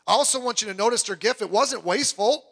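Fast and creaky, a man preaches as pastor in an animated way, stumbling into restarts and performing quotes. He alternates loud bursts with soft, low asides.

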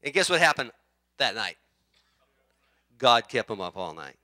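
Male pastor, middle-aged, bright sharp tone, dry close sound, animated conversational sermon. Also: medium pitch, unhurried, dry recording. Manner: animated, conversational preaching with rhetorical questions.

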